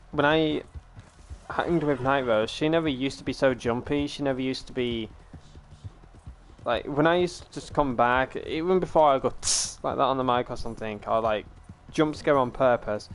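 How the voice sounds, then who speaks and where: British man, young adult, game streamer, casual storytelling, mid-pitched voice. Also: normal speed, slight background noise. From Britain. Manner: chatty storyteller, addresses viewers as ladies and gentlemen. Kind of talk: casual gaming stream chat.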